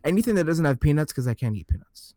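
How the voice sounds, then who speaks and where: A man's voice: fairly high pitch, very animated, fast talker, warm tone. Hesitant man groping for words. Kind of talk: casual chat.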